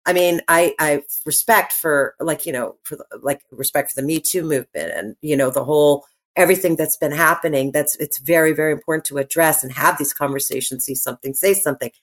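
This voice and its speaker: A middle-aged actress with a deep voice chats as a podcast guest in a casual interview. She's animated and talks in a rambling way, frequently starting sentences over and filling pauses.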